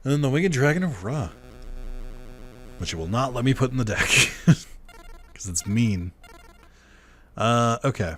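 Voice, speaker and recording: A man's voice: medium pitch, lively intonation, measured pace, long pauses, soft background music. A young man giving casual let's-play commentary, musing aloud in a laid-back way with little chuckles. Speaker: gamer.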